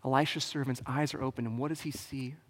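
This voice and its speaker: Joking pastor in a reverberant church. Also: male voice, medium pitch, fairly even intonation, quick pace. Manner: casual, joking, conversational preaching. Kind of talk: sermon. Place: church sanctuary. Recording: long hall reverb.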